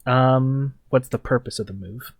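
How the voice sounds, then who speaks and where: A man's voice: mid-range voice, unhurried, creaky. A young man narrating as game master at a tabletop game, talking loosely with many fillers. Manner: loose and rambling, full of fillers.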